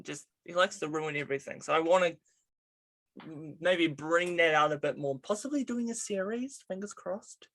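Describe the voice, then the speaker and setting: Bright-voiced upbeat male interview host. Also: fairly high pitch, normal speed. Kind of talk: casual video interview chat.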